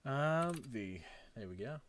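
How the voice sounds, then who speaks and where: A man's voice: medium pitch, expressive, slow pace, crowd noise. A man co-hosting a casual late-night chat over a voice call, laid-back and wry, chuckling often. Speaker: co-host.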